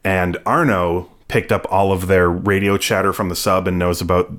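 A man with a notably deep, low-pitched voice talks through an episode in a relaxed podcast chat. He rambles along with plenty of fillers and throws in playful asides as he recaps. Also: moderate pace. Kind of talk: casual chat.

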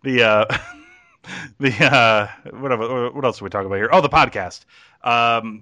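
A man's voice: mid-range voice, normal speed, pushed and bright. A man hosting a podcast in casual chat, joking and laughing often as he rambles through plugs. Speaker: podcast host.

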